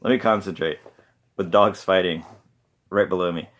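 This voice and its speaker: A man's voice: sits low, steady tone, moderate pace, a bit bright. A man hosting a podcast, lecturing in a loose, rambling way with many hesitations and self-deprecating asides. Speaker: podcast host.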